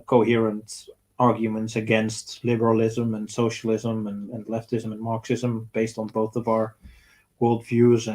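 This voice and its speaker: A man's voice: on the low side, darkish tone, low-quality recording. A young man, bluntly reading out viewer questions and giving his opinions on a casual livestream. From Netherlands. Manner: blunt and opinionated, reads out questions then answers. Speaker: streamer answering viewer questions.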